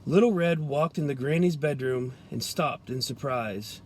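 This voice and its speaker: A man, a police trooper, reading a children's story aloud in a gentle, expressive storytelling way. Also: mid-range voice, measured pace, slight background noise.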